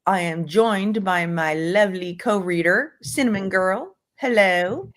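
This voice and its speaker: A woman's voice: medium pitch, measured pace. A woman hosting a casual livestream book club, rambling with many fillers and restarts and tossing in words from other languages. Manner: jokingly drops bits of other languages.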